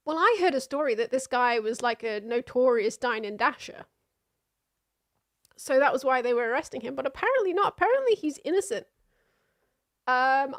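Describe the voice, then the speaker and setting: High, chatty woman streamer. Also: no room sound, clean studio sound. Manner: chatty and rambling, with laughs and trailing fillers. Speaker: streamer and host. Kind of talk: casual chat. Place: home.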